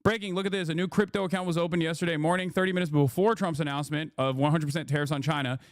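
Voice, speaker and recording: This man talks rapid-fire in a slightly high voice with fairly even intonation, in studio-quality audio free of room sound. Streaming his take on a news clip, he delivers casual political commentary that's sarcastic and foul-mouthed, switching to mocking voices to quote others.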